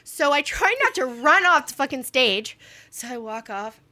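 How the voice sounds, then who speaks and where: A middle-aged woman in a casual chat, telling a story in an animated, self-mocking way and swearing freely. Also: high-pitched, moderate pace. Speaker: guest speaker.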